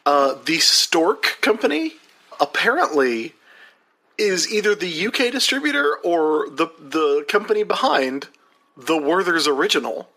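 Excitable man with a high, bright voice. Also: a little slow. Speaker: podcast co-host. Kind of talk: casual snack-review chat.

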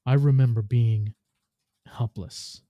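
Osiris is a weary, scarred man who keeps his anger under tight control, as read by a man. The voice is very dark and the sound is dry and close. He speaks quietly and in a measured way. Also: mid-range voice, fairly even intonation, no echo, natural voice. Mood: somber.

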